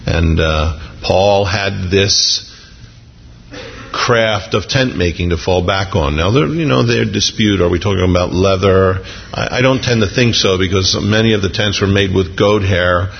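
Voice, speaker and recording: A man preaching a sermon as pastor, animated and jumping into excited voices when he acts out quotes. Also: deep voice, measured pace, gravelly, long reverb tail, muffled recording, a little hiss or hum.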